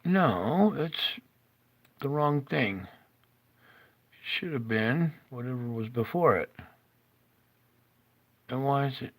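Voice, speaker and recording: A man presenting a casual live-stream weather report, talking in a slow, stop-start way and praying aloud under his breath when things go wrong. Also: mid-range voice, animated.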